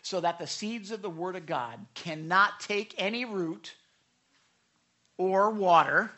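A pastor preaching a conversational, animated sermon with frequent asides and self-corrections. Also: medium pitch, takes it slowly.

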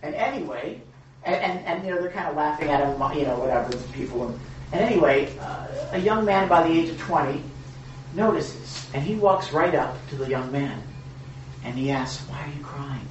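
A man's voice: a little high, lively intonation, normal speed, highs cut off, slight background noise. A man delivers a sermon in an easy, conversational style, looping back on himself and tossing in asides to his listeners. The sound is heavily reverberant and picked up from a distance, as though the mic hangs at the back of a large hall. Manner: conversational, rambling with restarts and rhetorical "right?". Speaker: pastor. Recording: echoey room, mic far off.

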